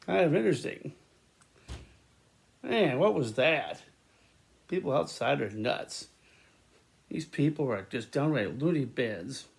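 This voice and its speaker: A man talking in a rambling, casual monologue to his viewers, repeating words, restarting sentences and breaking into loud laughter. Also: mid-range voice, expressive, takes it slowly, vocal fry, long pauses. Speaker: vlogger.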